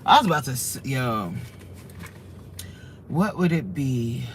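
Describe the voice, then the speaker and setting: A woman's voice: extremely low pitch, big pitch swings, takes it slowly, slight background noise. A woman hosting a casual livestream from her car, chatting with viewers, exclaiming and reading their comments aloud. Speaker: livestream host.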